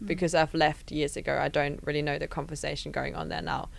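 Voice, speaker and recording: German-born woman coach, low and gravelly, easygoing podcast talk. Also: flat delivery, fast. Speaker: fitness coach, podcast co-host. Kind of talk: casual podcast chat.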